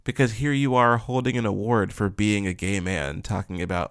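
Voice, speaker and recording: A man's voice: on the low side, steady tone, normal speed, fairly bright tone, smooth, no room sound, clean studio sound. A man ranting in blunt, profane commentary, full of fillers and rhetorical questions. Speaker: commentary vlogger.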